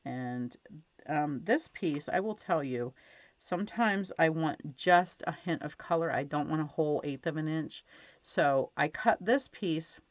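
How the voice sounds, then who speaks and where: A woman with a low voice teaches card stamping at a measured pace from her craft desk at home, with no echo. She chats casually, uses many fillers, and gushes over her cards; the home recording is dull and lo-fi.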